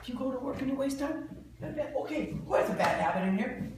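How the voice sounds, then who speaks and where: A man with a very high voice works a seminar room, joking and tossing fill-in-the-blank questions to the crowd. He is recorded from far off in a very echoey hall, with faint noise underneath. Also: quick pace. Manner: lively and joking. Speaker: sales trainer. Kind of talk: live seminar talk to an audience. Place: large indoor room with an audience.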